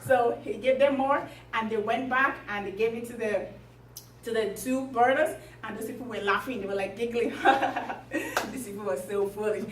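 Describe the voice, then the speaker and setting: A woman retelling a fairy tale to a group, chatty and lively with many fillers. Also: a little high, moderate pace, slight background noise. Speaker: storyteller. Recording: echoey room from far off.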